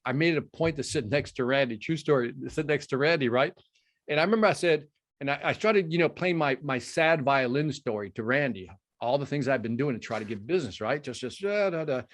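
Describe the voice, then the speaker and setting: A middle-aged man from Chicago tells a story as an interview guest, acting out both sides of the conversation. His voice sits at an ordinary middle pitch. He speaks in a lively, animated way, over what sounds like a remote call. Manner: animated storytelling, acts out dialogue.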